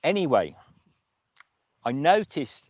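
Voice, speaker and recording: Halting, emotional man telling a story. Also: a little high, very animated, darkish tone, no echo, lo-fi sound. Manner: emotional, halting with many restarts. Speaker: livestream host. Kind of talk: casual storytelling chat.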